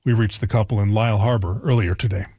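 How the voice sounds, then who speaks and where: A man presenting a news report in a steady, scripted read. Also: on the low side, fast, no echo, studio quality.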